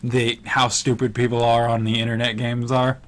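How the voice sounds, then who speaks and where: A man's voice: mid-range voice, flat delivery, a bit bright. A young man with a stuffy, congested head, joking and riffing through casual gaming commentary. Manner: joking, quick to riff and do bits. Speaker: let's play co-commentator.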